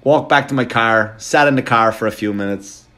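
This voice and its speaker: Male comic, mid-pitched voice, animated storyteller, foul-mouthed, keeps checking in with the listener. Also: moderate pace. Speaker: comedian. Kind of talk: comedic storytelling.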